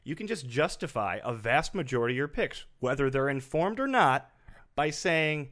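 A man's voice: medium pitch, big pitch swings, normal speed, fairly bright tone. A man co-hosting a casual comedy podcast, reading out mock rules with wry jokes. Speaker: podcast co-host.

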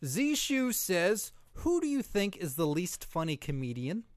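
A man's voice: high-pitched, sing-song, a little slow, no room sound. A man co-hosting a comedy podcast, teasing and laughing often in casual banter. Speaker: podcast co-host.

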